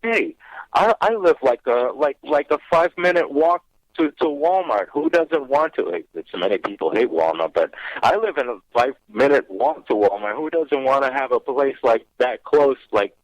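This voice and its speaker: A caller on a paranormal radio show recounts a ghost story that happened to him, performing his own lines along the way. Heard through a phone on a dry, dull line, his voice is mid-range with no room sound.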